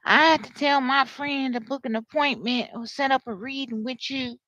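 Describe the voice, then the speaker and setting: A woman putting on the voice of a sheepish woman making excuses, in a bright, slightly higher tone. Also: steady tone, normal speed, dry recording, lo-fi sound.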